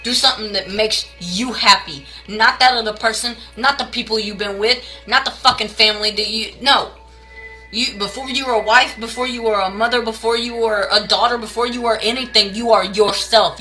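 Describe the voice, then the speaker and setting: A woman's voice: mid-range voice, steady tone, normal speed, bright, forceful tone, faint music behind, low-quality recording. A woman reading tarot on a late-night live stream from her home, blunt, ranting and swearing, calling her viewers baby and y'all. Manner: blunt and heavily profane, ranting; calls viewers baby and y'all, greets chat by name.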